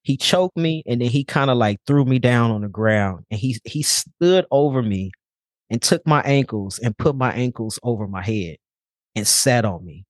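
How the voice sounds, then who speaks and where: Young man, podcast guest, blunt, casual, swears, middle-pitched, dry close sound. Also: animated, normal speed, no room sound. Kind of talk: candid personal storytelling.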